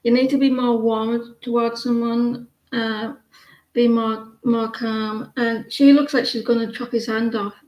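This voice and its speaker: A woman's voice: a little high, level tone, measured pace, a little mellow. Blunt, chatty woman reading cards. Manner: blunt, rambling, chatty with viewers. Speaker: tarot card reader. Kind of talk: casual live-stream card reading. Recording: roomy echo.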